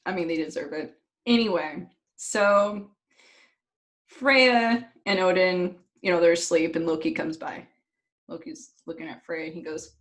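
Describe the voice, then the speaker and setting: A woman co-hosting a podcast in casual chat, telling a story in an animated, giggly way and swearing freely. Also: fairly low pitch, measured pace. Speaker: podcast co-host.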